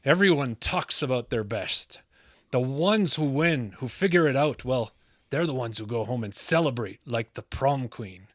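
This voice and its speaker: A man putting on a Sean Connery impression with a slow, weighty, dramatic delivery. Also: mid-range voice, lively intonation, no echo, clean studio sound, close to an everyday voice.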